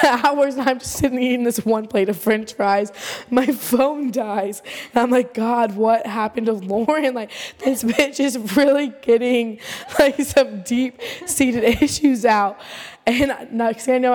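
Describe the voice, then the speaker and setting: A woman with a fairly high voice tells a wild story in casual podcast chat, laughing as she goes. She sounds lively and loose, and her voice rings out with a long reverb around it. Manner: animated storyteller, laughing often. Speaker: podcast co-host.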